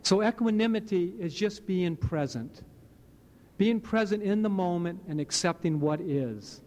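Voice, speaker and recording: A man's voice: high voice, unhurried, a little mellow. A man in his late fifties from Hawaii, sharing his story with a live audience in an earnest, rambling way. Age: late 50s. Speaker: speaker sharing at a recovery meeting. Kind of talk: personal testimony to a live audience.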